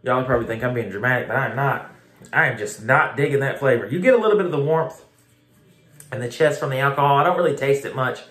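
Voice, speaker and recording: A man talks straight to his viewers in a casual review. He is blunt and emphatic, repeats words and swears freely. His voice sits at a middle pitch, and the room around him rings with echo. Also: quick pace, fairly bright tone. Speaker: beer reviewer. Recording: echoey room.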